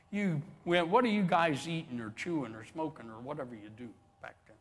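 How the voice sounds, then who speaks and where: A man's voice: on the high side, lively intonation, normal speed, a bit bright. A man preaching a sermon as pastor, telling stories animatedly and acting out the quotes with chuckles. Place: church sanctuary with long reverb.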